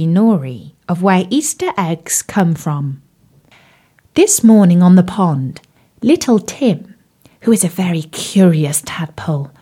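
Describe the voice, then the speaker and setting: Gentle, lilting woman telling a children's story. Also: medium pitch. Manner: gentle, sing-song.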